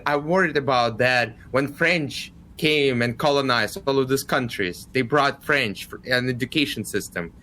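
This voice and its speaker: A man's voice: medium pitch, bright, forceful tone. A man in casual podcast chat, hesitant, often restarting and repeating his words.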